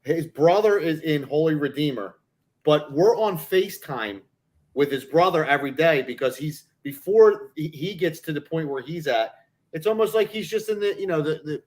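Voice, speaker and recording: High-voiced host adding context. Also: male voice, expressive, darkish tone. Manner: jumps in to add context, fast and conversational. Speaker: talk show host. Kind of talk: casual chat.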